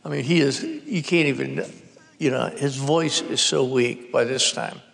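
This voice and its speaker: A man in his sixties, a novelist appearing as a guest, recounts a wry, funny family story at a live event in a reverberant hall. His medium-pitched voice is creaky and a bit bright, with a measured pace.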